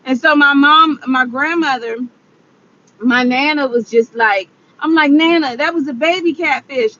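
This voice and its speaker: A woman's voice: high-pitched, a little slow, sharp tone, slight background noise. A tearful woman vlogging to her viewers, rambling and exclamatory, repeating herself as she talks it through. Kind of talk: emotional confessional vlog. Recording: dull lo-fi recording.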